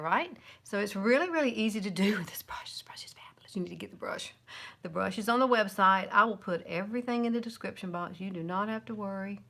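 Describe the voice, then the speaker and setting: A woman's voice: medium pitch, fairly bright tone. Southern woman over 50, chatty tutorial host, encouraging and easygoing. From American South. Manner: chatty and encouraging, with little laughs. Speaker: makeup vlogger. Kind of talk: casual makeup tutorial, live.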